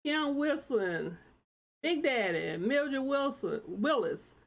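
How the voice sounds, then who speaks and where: Slow-spoken woman host greeting live viewers. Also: sits high, lively intonation, gravelly, dull audio. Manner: warm encouraging, churchy preacher-like exhortation. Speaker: talk show host. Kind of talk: live-stream shout-outs to viewers.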